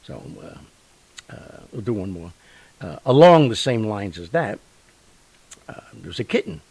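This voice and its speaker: A man hosting a show, telling stories in a rambling, animated way with lots of fillers and sound effects. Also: fairly low pitch, a little slow, gravelly, husky, no room sound, low-quality recording. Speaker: radio show host. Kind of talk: casual storytelling monologue.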